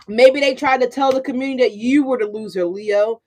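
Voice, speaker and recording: A woman's voice: a little high, a little fast, hardly any pauses, darkish tone. A woman doing a casual tarot reading for her viewers, chatty and profane, often asking "right?". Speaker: tarot card reader.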